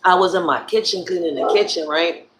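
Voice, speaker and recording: A hoarse woman with a Philadelphia accent hosting a casual livestream, telling stories bluntly with plenty of profanity. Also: lowish voice, a little fast, noisy background. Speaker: live stream host. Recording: roomy echo.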